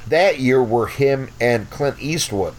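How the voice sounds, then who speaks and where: A man's voice: mid-range voice, slow, darkish tone. Guest, man in his fifties, blunt and foul-mouthed raconteur. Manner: profane, rambling, blunt. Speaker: podcast guest. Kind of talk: casual storytelling.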